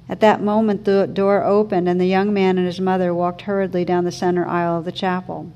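A woman teacher giving a slow, gentle reflective talk, reading a story aloud. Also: on the low side, flat delivery. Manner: slow, gentle, thoughtful delivery.

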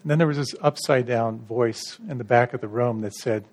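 A middle-aged man giving a gentle, reflective dharma talk to retreat participants, unhurried, with soft restarts. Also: medium pitch. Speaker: meditation retreat teacher.

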